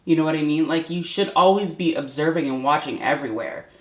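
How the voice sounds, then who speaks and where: A woman's voice: low voice, brisk. A woman hosting a casual home vlog, chatty and informal, often breaking off to scold her cats. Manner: chatty, frequently yelling at her cats mid-recording. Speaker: channel host. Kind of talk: casual vlog talk to camera. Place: at home, indoors. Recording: roomy home recording with faint noise.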